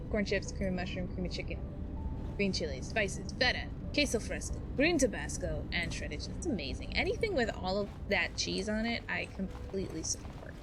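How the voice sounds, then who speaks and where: A woman in her thirties, a mom and live streamer, chatting casually and bubbly while she plays a video game, with lots of fillers and laughs. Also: mid-range voice. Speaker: Twitch streamer. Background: game music.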